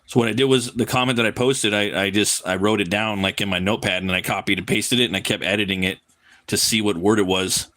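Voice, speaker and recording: A man's voice: on the low side, steady tone, fast talker, fairly bright tone. A man chatting casually on a live drawing stream, loose and profane, often repeating his words as he rambles. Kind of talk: casual chat while drawing.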